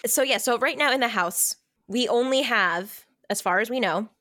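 A woman's voice: on the high side, moderate pace, bright, forceful tone, dry recording, studio quality. A woman co-hosting a podcast and casually retelling a horror film's plot. She swears a lot and laughs often. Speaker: podcast co-host. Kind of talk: casual film recap chat.

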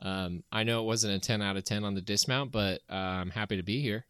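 A man co-hosting a comedy podcast in a low-key, self-deprecating chat. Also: fairly even intonation, fairly quick, fairly bright tone, smooth, dry recording. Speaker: podcast co-host.

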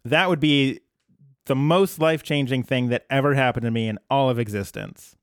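A man's voice: mid-range voice, moderate pace, clean tone, no room sound, clean studio sound. A man co-hosting a podcast in casual chat, rambling and self-deprecating with lots of ums. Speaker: podcast co-host.

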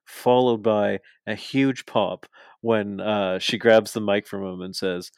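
A man co-hosting a podcast, excitedly recapping wrestling in casual, profane chat and laughing as he goes. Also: lowish voice, slow, smooth, no room sound, clean studio sound. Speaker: podcast co-host.

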